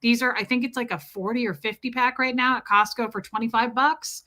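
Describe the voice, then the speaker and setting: Bright, chatty Midwestern woman streamer. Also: a little high, fairly even intonation, fairly quick. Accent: Midwestern American. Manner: chatty, rambling, talks back to viewers' comments. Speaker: livestream host. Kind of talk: casual livestream chat reading comments.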